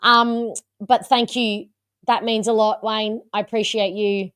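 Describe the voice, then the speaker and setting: A woman runs a live fan call-in stream with a slightly high, playful voice. She teases her guests and laughs easily. The sound is dry and close. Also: little pitch movement, a little slow, fairly bright tone, clear, resonant tone, no room sound. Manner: chatty, teasing, laughs often. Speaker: host of live fan show. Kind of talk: live-stream casual chat.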